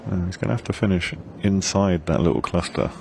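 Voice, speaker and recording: Very deep-voiced male pool commentator. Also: fairly quick, gravelly, darkish tone, a little hiss or hum. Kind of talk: live sports commentary.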